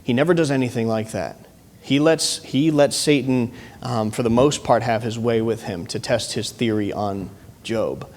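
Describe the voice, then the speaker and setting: A man's voice: medium pitch, moderate pace, a little mellow. A man with a Midwestern American accent preaching a sermon as pastor, in an earnest teaching tone with frequent restarts. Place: church sanctuary. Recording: long church hall reverb.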